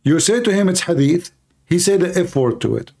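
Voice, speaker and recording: A man hosting a live call-in debate stream, mocking and combative in manner, his voice hoarse and tired with occasional coughs. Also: high voice, expressive, fairly quick, dark tone. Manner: mocking, combative, repeats points rhetorically. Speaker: livestream host debating callers.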